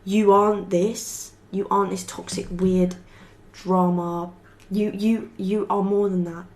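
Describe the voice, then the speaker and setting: A woman's voice: medium pitch, level tone, slow, darkish tone. A young woman giving a casual tarot reading to camera, rambling and chatty, swearing freely and saying "like" often. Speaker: tarot reader.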